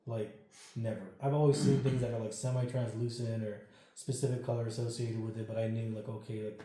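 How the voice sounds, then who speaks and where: A man's voice: medium pitch, brisk. Swearing man telling ghost stories, echoey. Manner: profane, animated storyteller. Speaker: podcast guest. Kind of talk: casual ghost-story telling. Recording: very echoey room.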